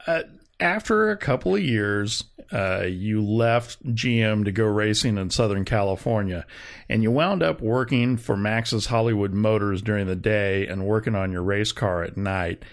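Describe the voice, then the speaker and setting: A man's voice: lowish voice, moderate pace. A man interviewing a guest, asking prepared, direct questions.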